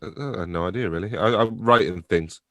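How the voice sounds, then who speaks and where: A man's voice: low-pitched, a little fast, creaky, fairly bright tone, no echo, clean studio sound. A young adult man, chatting casually as a podcast guest, rambling, swearing freely and laughing often. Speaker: podcast guest, theatre company director. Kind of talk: casual conversation.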